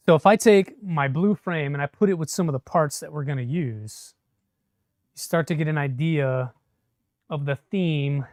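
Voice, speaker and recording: A man's voice: on the high side, darkish tone, dry recording, clean studio sound. A man chatting casually on a live stream while he assembles a 3D printer, answering viewer comments as he works. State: a bit shaky from caffeine.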